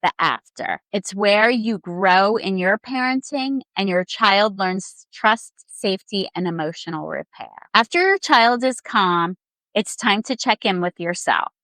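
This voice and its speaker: A woman child therapist hosting a show, giving scripted parenting advice in a calm, gentle, measured way. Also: mid-range voice, no echo, rough recording. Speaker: child therapist and podcast host.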